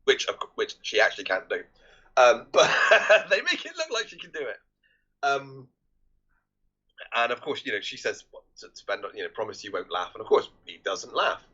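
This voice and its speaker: A man's voice: mid-range voice, big pitch swings, moderate pace, pushed and bright, husky. A man co-hosting a podcast, casually retelling film scenes and quoting the characters, with lots of restarts. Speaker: podcast co-host. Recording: dull lo-fi podcast audio.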